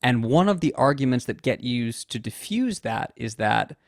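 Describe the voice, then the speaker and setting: A man hosting a casual discussion, talking in a thoughtful, measured way with frequent restarts. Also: medium pitch, sing-song, vocal fry, no room sound, clean studio sound.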